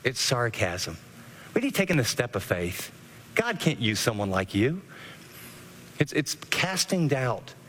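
A middle-aged man preaching a radio sermon, animated, with sudden rises and drops in his voice. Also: medium pitch, measured pace, long pauses, in a large hall, a little hiss or hum. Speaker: pastor.

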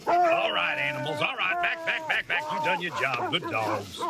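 A man acting as a suspicious, stubborn backwoods dog handler who barks orders in rough rural grammar in a radio drama. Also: high voice, wildly swooping pitch, moderate pace, over a noisy crowd.

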